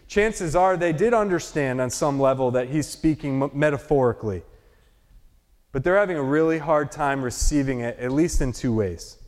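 High-voiced preacher, echoing hall. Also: male voice, darkish tone. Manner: earnest, explanatory, rhetorical questions. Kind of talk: expository sermon.

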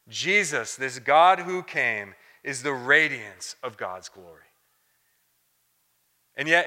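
A man's voice: mid-range voice, sharp tone. A man preaching a sermon in an earnest, emphatic way, often checking in with "right?". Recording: long hall reverb.

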